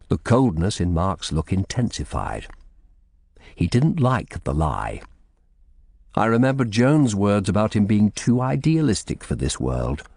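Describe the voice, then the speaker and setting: A man narrating an audiobook in the first person, in a measured storytelling manner. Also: fairly low pitch, a little mellow, dry recording, studio quality.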